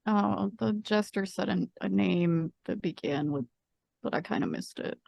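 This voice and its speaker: A woman player in casual tabletop game chat, deadpan and teasing. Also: medium pitch, unhurried, creaky, dry recording.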